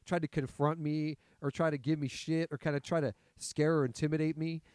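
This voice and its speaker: A man talking bluntly and thoughtfully in a casual podcast chat, with plenty of swearing. His voice sits a little high. The sound is dry and close. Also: level tone, brisk, darkish tone, clear, resonant tone, no room sound. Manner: blunt, profane, reflective. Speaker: podcast co-host.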